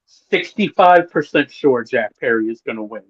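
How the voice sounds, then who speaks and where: A man's voice: medium pitch, lively intonation, moderate pace, husky, lo-fi sound. A man on a round-table panel, talking as an eager, opinionated fan in casual chat.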